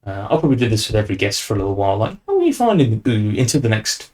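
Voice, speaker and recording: A man's voice: fairly low pitch, wildly swooping pitch, racing, a little mellow. A young man hosting a podcast, chatting casually and rambling with fillers and restarts. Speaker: podcast host. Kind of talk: casual chat.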